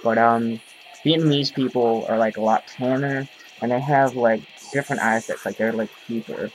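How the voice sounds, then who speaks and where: A man's voice: mid-range voice, fairly even intonation, moderate pace, slight background noise, poor audio. A man talking straight to his camera in a casual rant, rambling and profane, full of fillers. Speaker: vlogger. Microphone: camera mic.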